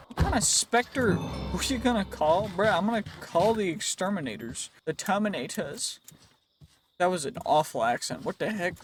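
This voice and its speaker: A man with a high voice gives loose, rambling gameplay commentary, joking around and chatting to characters on screen. His voice sounds worn and tired, and there is a faint hiss behind him. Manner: rambling, playful, talks to game characters. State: voice wearing out. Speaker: gaming video creator.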